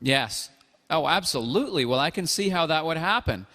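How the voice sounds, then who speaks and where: A man hosting a call-in show, answering callers in an earnest, measured way and pausing often on fillers. His voice sits a touch high and rings out with a long reverb tail. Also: lively intonation, bright, forceful tone. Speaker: host.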